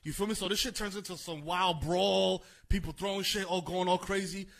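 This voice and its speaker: A man's voice: sits high, fairly even intonation, a little fast, vocal fry, fairly bright tone. A man telling a story in slangy, laid-back casual chat as a podcast guest.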